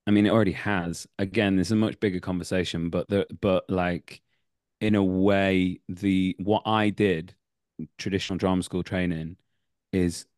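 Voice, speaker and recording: Deep-voiced rambling male actor. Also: flat delivery, moderate pace, darkish tone, no echo, studio quality. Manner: rambling, many fillers and restarts, self-correcting. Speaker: podcast guest, actor. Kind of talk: casual interview chat.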